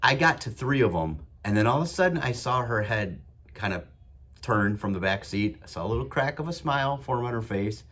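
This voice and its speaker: A man's voice: mid-range voice, animated, fairly quick, fairly bright tone. A man hosting his own show, talking in an enthusiastic, emphatic motivational monologue with a lot of repetition. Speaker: podcast host.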